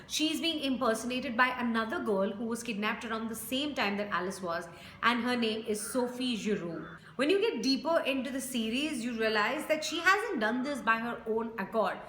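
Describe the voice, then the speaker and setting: A woman's voice: on the high side, lively intonation, moderate pace, fairly bright tone. A woman reviewing a TV series in a casual, enthusiastic, chatty video review. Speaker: TV reviewer vlogger. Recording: echoey room with faint noise.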